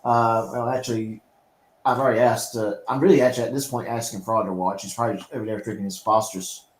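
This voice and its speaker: A man's voice: on the low side, steady tone, fast. A man hosting a casual online chat show, talking in an easygoing way with lots of fillers. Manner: easygoing, chuckling, filler-heavy. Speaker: host. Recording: roomy echo.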